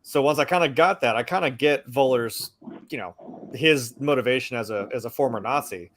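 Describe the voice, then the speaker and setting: Animated, swearing man ranting about a film. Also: medium pitch, a little fast, slight background noise. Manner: animated, swearing, acts out quotes in mocking voices. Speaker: podcast co-host. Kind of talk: casual film discussion.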